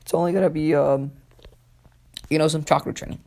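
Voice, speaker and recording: A man's voice: fairly high pitch, steady tone, fairly quick, gravelly, a little mellow, pitched above the performer's own voice. Stern clan father, as a man retells him. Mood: firm.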